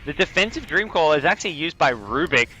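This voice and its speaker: A young man casting a video game match on his own, with a slight French accent, explaining strategy calmly and getting excited on big plays. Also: on the high side, a little fast, a little hiss or hum. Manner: analytical, rising to excited bursts on big plays. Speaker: esports caster. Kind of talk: solo game commentary.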